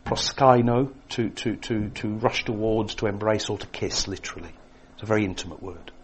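A man preaching a sermon, swinging between emphatic lines and hushed, quiet ones. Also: fairly low pitch, moderate pace, slightly rough.

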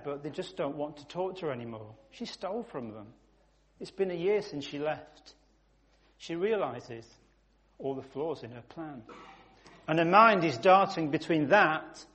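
A man's voice: a little high, a bit bright. A man, preaching a sermon through vivid, emphatic storytelling that rises suddenly in volume.

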